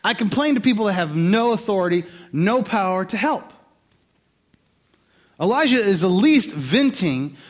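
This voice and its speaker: A man preaching a sermon in a conversational, animated way, with quick asides to the listeners. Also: fairly high pitch. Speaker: pastor.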